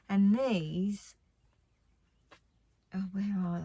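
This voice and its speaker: A woman's voice: lowish voice, steady tone, slow, long pauses, dark tone, husky, no echo. A woman chatting casually about her craft haul. She rambles and often drops to a near whisper. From United Kingdom. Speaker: craft vlogger.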